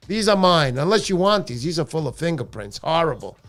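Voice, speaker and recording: A middle-aged man hosting a casual livestream, playful and jokey with loud bursts of excitement. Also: a little high, a little fast, soft background music. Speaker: livestream host.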